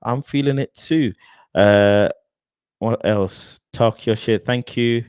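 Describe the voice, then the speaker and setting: Young man, streamer reading chat, excitable and chatty, mid-range voice, dry close mic. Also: mid-range voice, slow pace, smooth, no room sound. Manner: animated, expressive, laughs often, addresses viewers by name. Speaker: livestream host reading chat. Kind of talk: casual livestream chat.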